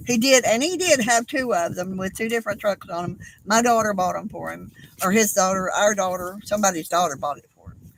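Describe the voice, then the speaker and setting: An older woman with a drawl chats on a homemade craft livestream, her voice sitting at an ordinary middle pitch. She talks in a halting, tearful way, pausing often and filling the gaps with soft "um"s and apologies. A faint hiss of background noise runs under her voice. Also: rough recording. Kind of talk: casual craft livestream chat.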